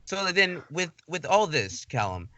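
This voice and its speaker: A man hosts a casual interview with a bright, forceful tone. His questions ramble and restart as he works toward them. The sound is dry and close. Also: fairly high pitch, very animated, measured pace, no echo. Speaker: podcast host.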